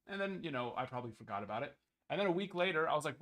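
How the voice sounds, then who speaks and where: A man's voice: mid-range voice, expressive, rapid-fire, a bit bright. A man hosting a card break stream, rambling casually with jokey mock outrage. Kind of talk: casual live-stream chat.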